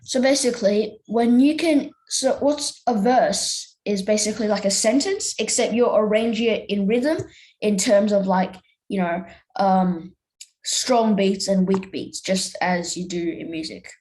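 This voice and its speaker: Slow-talking young woman teaching music theory. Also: medium pitch, a little mellow, poor audio. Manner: casual, hesitant, many fillers. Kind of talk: online music theory lesson.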